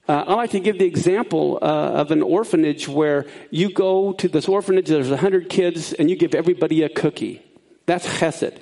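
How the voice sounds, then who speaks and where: A man teaching a sermon, explaining Bible words in an animated way that swings up high for emphasis. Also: normal speed, creaky.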